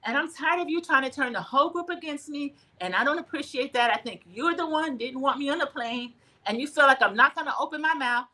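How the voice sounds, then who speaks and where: A woman's voice: high voice, fairly quick, sharp tone, voice pushed up. A woman acting out an indignant woman confronting a rival during a recap. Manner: indignant, accusing.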